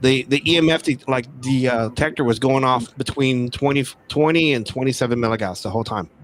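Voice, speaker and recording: Over a remote call, a Texas-raised man tells a story casually in a mid-range voice, speaking briskly against a faint hiss or hum. He rambles, repeats words and keeps restarting his sentences as a guest.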